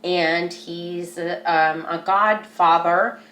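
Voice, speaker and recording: Young woman, unhurried storytelling, emotional and rambling, echoey room. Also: on the low side, fairly even intonation, fairly bright tone. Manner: emotional, rambling, with many restarts. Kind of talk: personal storytelling.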